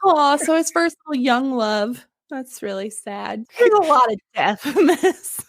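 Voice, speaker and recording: A woman hosting a casual history podcast, telling the story in an animated, jokey way with laughs and swearing. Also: high-pitched, unhurried, dry recording, studio quality. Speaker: podcast host.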